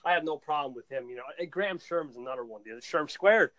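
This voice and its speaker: A young man chatting excitedly on a podcast, laughing and repeating words as he tells stories. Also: fairly high pitch, quick pace, low-quality recording. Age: young adult. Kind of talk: casual chat.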